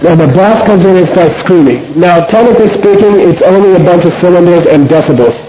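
Man, Buddhist teacher, rambling anecdotal talk, slightly high voice, echoey dull recording. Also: fairly quick, a crowd in the background. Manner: rambling storyteller, peppers talk with "you know" and "okay?".

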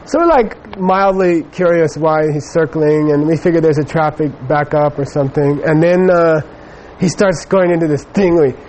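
A man's voice: a little high, moderate pace, hardly any pauses, a little mellow, a little hiss or hum, low-quality recording. A middle-aged man giving a Buddhist teaching, telling a personal story in a rambling way with many fillers. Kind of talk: dharma talk with personal anecdote.

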